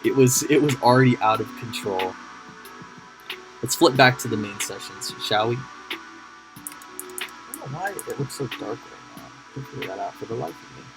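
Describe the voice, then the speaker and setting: A man's voice: medium pitch, lively intonation, moderate pace, long pauses, music in the background, poor audio. A man streaming live as he paints miniatures, rambling and joking to himself in casual chat. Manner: rambling, jokey, talks to himself while working.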